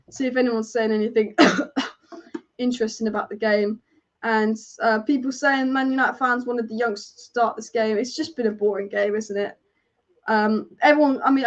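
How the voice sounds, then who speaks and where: Young female watch-along host, brightish higher voice, chatty and conversational, muffled live-stream sound. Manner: chatty, reads out statistics, answers viewer comments. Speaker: fan channel host. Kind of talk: casual live match watch-along commentary. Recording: dull lo-fi live stream audio.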